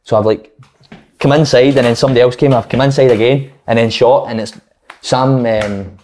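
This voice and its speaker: A young Scottish man, a former footballer, telling sweary, animated stories in casual chat. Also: medium pitch, fairly quick, a little hiss or hum. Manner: swears freely, animated anecdotes.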